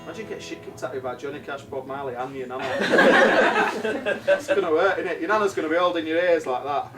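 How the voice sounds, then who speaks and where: A young Yorkshire man from Bradford doing live stand-up, rambling and deadpan with crude jokes. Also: fairly high pitch, a little fast. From Bradford, England. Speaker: stand-up comedian and musician. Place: large club hall. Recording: live gig from a distant mic with music.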